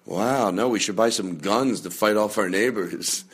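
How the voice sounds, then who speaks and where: A man hosting a comedy podcast, rambling through a chatty monologue with loud bursts of mock anger and frequent swearing. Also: lowish voice, a little slow, slightly rough. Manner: chatty, with many fillers and restarts. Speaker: podcast host.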